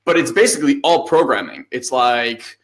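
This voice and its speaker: A man in his thirties co-hosts a podcast in casual conversation. He talks at an ordinary middle pitch and tells stories in a loose, animated way, swearing now and then and acting out what people said. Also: moderate pace. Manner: animated storytelling, acts out quotes, swears casually. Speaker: podcast co-host.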